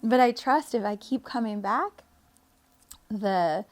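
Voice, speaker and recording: This young spiritual coach speaks slowly in a slightly high voice, delivering an earnest motivational monologue. She laughs often and sometimes drops to a soft whisper.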